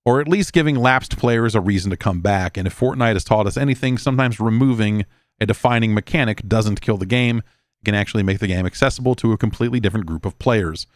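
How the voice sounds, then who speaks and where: A middle-aged podcast host reads listener mail and rambles casually, stammering and swearing along the way. His voice is lowish and quick, recorded with studio quality and no echo.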